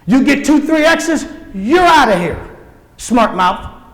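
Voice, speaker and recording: Keynote speaker, male, high voice, preacherly and emphatic, booming hall reverb. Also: very animated, slow, a bit bright. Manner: emphatic, preacherly, addresses the crowd directly. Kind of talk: conference keynote speech. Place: large conference hall.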